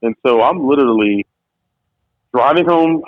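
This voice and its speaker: A man, a business founder and podcast guest, telling a story in lively conversation and acting out quotes in different voices. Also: medium pitch, moderate pace, no echo. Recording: tinny phone-like line, dry.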